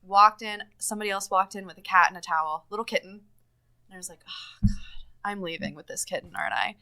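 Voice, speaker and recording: A woman's voice: medium pitch, fairly even intonation, quick pace, sharp tone, dry recording. A woman guest on a podcast, a tattoo artist, chatting casually and laughing easily.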